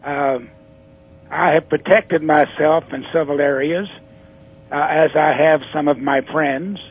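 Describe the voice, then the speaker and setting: An older man talks in an unhurried, easygoing way over a phone line, his voice high and breathy. The line sounds muffled and thin. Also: fairly even intonation. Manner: slow, easygoing. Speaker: interview guest. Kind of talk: phone interview.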